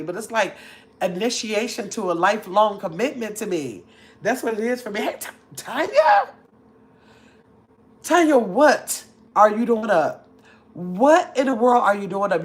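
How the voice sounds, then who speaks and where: Chatty older woman, low voice. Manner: chatty, reads viewer comments aloud with lively asides. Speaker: livestream host reading chat. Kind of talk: casual livestream chat.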